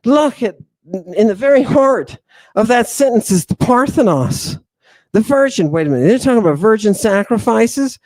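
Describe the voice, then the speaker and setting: With lively intonation and a darkish tone in a dry recording, a podcast host lectures emphatically on ancient texts before a live audience. He peppers it with "do you understand" and "right," stretching stresses and veering between murmurs and exclamations.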